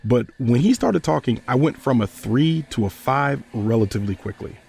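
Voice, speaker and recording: A man hosting a podcast, retelling a personal story in a measured, earnest way. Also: mid-range voice, lively intonation, vocal fry, darkish tone, slightly rough.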